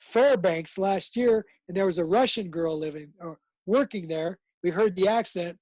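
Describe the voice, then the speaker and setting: A man's voice: sits high, darkish tone. A man talks casually over a video call, circling through his story with lots of false starts and repeated words. The sound is dull and lo-fi, and the room is dry, with no echo around his voice. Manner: rambling, halting with many restarts. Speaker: guest.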